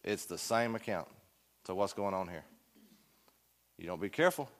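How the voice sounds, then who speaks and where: A man's voice: sits low, lively intonation, normal speed, a bit bright. A man teaching a Sunday school Bible class, asking the room questions and joking with his students in a folksy way. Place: church classroom.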